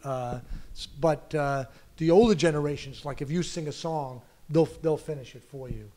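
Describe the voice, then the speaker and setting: A man's voice: on the high side, moderate pace. Chatty American man telling stories. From United States. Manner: animated storyteller, frequent "you know", laughs. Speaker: film director and actor as interview guest. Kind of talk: onstage public conversation.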